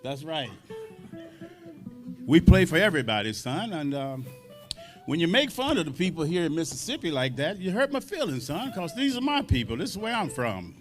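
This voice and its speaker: A man voicing an older bluesman bandleader who quietly and fatherly scolds a young drummer, calling him son. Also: fairly high pitch, sing-song, soft background music. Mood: gently scolding. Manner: slow, soft, fatherly, calls him son.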